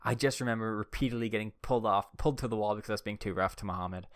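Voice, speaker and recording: Bright, clear-voiced young man rambling. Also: lowish voice, rapid-fire, no echo, studio quality. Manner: rambling, heavy use of "like" and "uh". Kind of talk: casual anecdote-telling.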